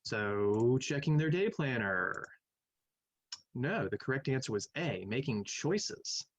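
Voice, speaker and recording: A man's voice: mid-range voice, very animated, slow pace, poor audio. A man who teaches math, casually reviewing quiz answers in a recorded lecture, thinking aloud and humming between questions.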